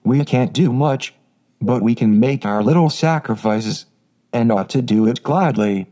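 A man reading the lines of a wistful, complaining eldest sister in an even, unacted synthetic voice. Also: mid-range voice, a little slow, close to an everyday voice.

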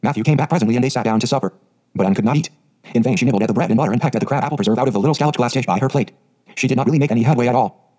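A man narrating a classic novel as an audiobook reader, in brisk, even storytelling. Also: mid-range voice, slightly rough.

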